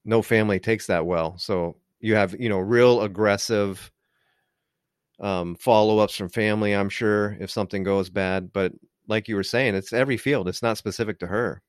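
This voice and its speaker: A man's voice: on the low side, fairly even intonation, moderate pace, clear, resonant tone, no echo, studio quality. A man co-hosting a casual discussion, rambling and full of filler words. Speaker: podcast co-host.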